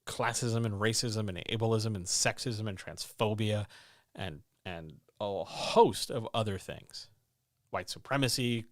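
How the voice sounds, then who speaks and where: A man's voice: on the low side, dry recording, clean studio sound. A man hosting a live-stream advice show for writers, talking blunt and joking, straight to the listener. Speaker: host answering writing questions.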